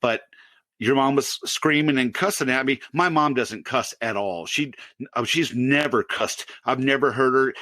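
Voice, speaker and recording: A man in his late forties, a podcast co-host telling a work story in a casual way, laughing often. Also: no echo. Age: 40s. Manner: animated storyteller, pitches up for quoted outbursts, laughs often.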